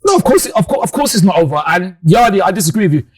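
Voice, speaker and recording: A man co-hosting a football chat show, excitable and quick to laugh and interject. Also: high-pitched. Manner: excitable, animated, laughs a lot. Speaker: co-host.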